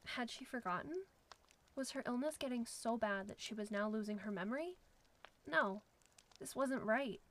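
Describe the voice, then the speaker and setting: A woman with a fairly high voice reads a suspenseful story aloud in a steady, scripted manner. Her pacing builds quiet tension. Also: normal speed, rough recording. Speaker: narrator.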